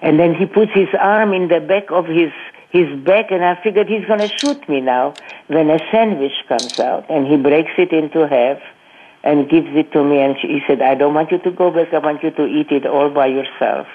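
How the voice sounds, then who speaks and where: An older woman, a guest on a radio interview, telling her life story in a halting, earnest way, repeating words and restarting sentences. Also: deep voice, slight background noise. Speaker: guest, Holocaust survivor speaking to students. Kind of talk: personal testimony in a radio interview. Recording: tinny phone-line radio audio.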